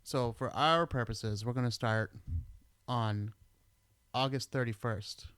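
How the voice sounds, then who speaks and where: A middle-aged podcast host from the US chats at a slow pace, telling stories and cursing casually in his easygoing style. His mid-range voice is fairly bright, clear, and resonant, captured in a dry recording.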